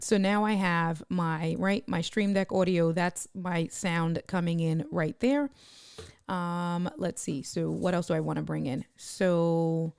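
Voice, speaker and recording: Gravelly-voiced woman streamer teaching live. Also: fairly low pitch, a little mellow, no echo, studio quality. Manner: chatty, thinks aloud while clicking, greets viewers by name. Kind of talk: casual live-stream tutorial.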